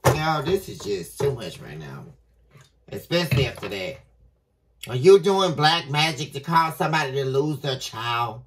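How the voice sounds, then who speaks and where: A woman giving a tarot reading to her viewers, dramatic and halting, repeating phrases for emphasis. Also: deep voice, big pitch swings, distant mic, a little hiss or hum, poor audio. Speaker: tarot reader.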